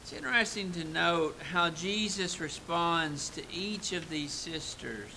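A man delivers a sermon in a high, very bright voice, unhurried and deliberate. He builds to emphatic peaks, then falls quiet and reflective. A faint hiss sits under the recording. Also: vocal fry, rough recording. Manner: earnest, rising to emphatic peaks and dropping to soft reflective asides. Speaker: preacher.

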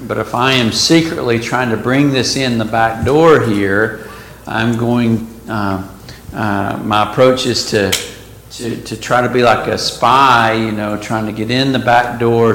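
A man's voice: mid-range voice, fairly bright tone. A man leading a casual Bible class, reading verses aloud and stopping to explain them. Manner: talks slowly, reads verses aloud and stops to explain them. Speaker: Bible study teacher. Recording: echoey room, faint background noise.

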